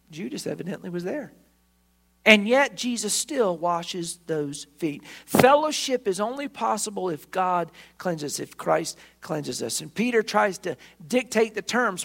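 A man's voice: sits high, lively intonation, a little slow, vocal fry. A man preaching a sermon as pastor, emphatic, acting out the quoted voices.

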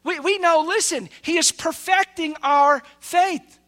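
A man preaching a fervent sermon as pastor, swinging between quiet asides and loud, raised bursts. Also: very high voice, a little slow.

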